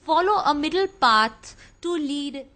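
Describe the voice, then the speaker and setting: A woman's voice: high voice, animated, unhurried, sharp tone, low-quality recording. A woman teacher, explaining a history lesson patiently and speaking directly to her students.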